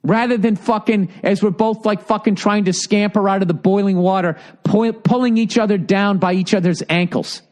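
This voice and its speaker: A man's voice: high voice, steady tone, moderate pace, few pauses, a little mellow. A man in his fifties with a Boston accent, ranting profanely and with exasperation as a podcast host reading listener mail.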